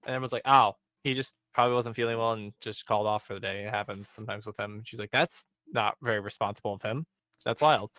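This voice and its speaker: A man's voice: fairly low pitch, fast, dry recording. A young man casually recapping an episode on a podcast, acting out the characters' lines with lots of fillers. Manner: animated storytelling, acting out characters' lines with many "um" and "like". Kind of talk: casual chat.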